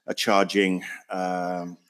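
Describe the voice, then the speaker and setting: A man's voice: deep voice, completely flat delivery, extremely slow, a bit bright, clean tone. A man co-hosting a casual podcast, rambling and hesitant with dry humor. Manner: rambling, hesitant, self-deprecating. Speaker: podcast co-host.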